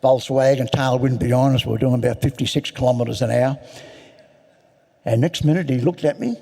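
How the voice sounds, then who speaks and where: A man's voice: mid-range voice, steady tone, normal speed, vocal fry, warm tone, slightly rough. An older man rambling through a self-mocking personal story at a recovery meeting. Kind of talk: personal story told to an audience. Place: large hall. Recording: echoey large hall.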